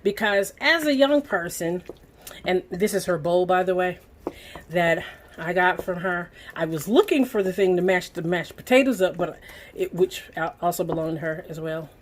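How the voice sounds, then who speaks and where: A middle-aged Southern US woman hosts a cooking channel, chatting folksily to viewers as she stirs and cooks in her home kitchen. Her voice is lowish and her pace moderate.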